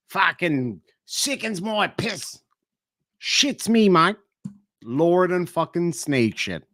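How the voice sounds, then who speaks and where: A man's voice: high voice, fairly bright tone, no echo, clean studio sound. A man telling a profane, sardonic story in a vlog rant. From Ireland. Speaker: YouTuber. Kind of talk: ranting vlog monologue.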